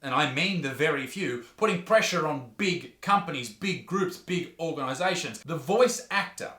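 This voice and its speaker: A man's voice: fairly high pitch, lively intonation, normal speed, pushed and bright, echoey room. An Australian man delivering a crude, profane, sarcastic comedic rant as the host of his show.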